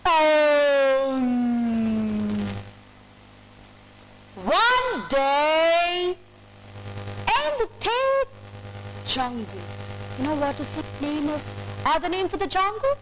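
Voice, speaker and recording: Slow, lively high-voiced woman storyteller. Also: a little hiss or hum, rough recording. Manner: slow, drawn-out, theatrical. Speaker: storytelling coach. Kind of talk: storytelling demonstration.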